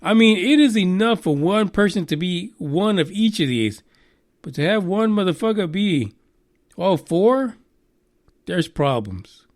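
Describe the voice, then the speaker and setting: A man's voice: high voice, unhurried, no echo, studio quality. A man hosting a live podcast in casual, joking chat, swearing freely and going off on tangents. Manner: profane, joking, animated. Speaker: podcast host.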